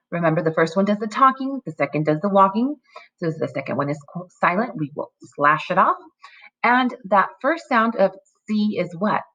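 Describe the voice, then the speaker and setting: A woman with a fairly low voice leads young children through a phonics lesson. She speaks slowly in a lively, sing-song teacher manner and keeps prompting them with questions. The sound is dull and lo-fi.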